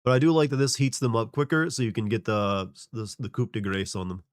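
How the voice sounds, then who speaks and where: A male streamer with a stuffy nose from a cold, giving relaxed, chatty game commentary. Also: fairly low pitch, a little fast, clear, resonant tone, no echo, studio quality. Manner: relaxed, chatty asides to chat. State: congested, nasal from a cold. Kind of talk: casual gaming commentary.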